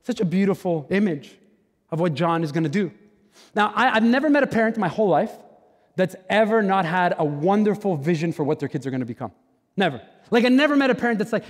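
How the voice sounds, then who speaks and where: Animated high-voiced male preacher in a church hall. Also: quick pace. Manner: conversational, animated, acts out quoted voices, stammers repeated words. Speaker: guest pastor. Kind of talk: sermon. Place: church sanctuary. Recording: long hall reverb.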